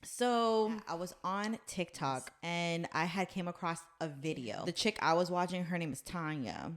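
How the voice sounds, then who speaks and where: Lady podcast host rambling thru a story, kinda low voice, swears a bit. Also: lively intonation, a little slow. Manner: retells stories in a loose, rambling way with swearing. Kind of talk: casual chat.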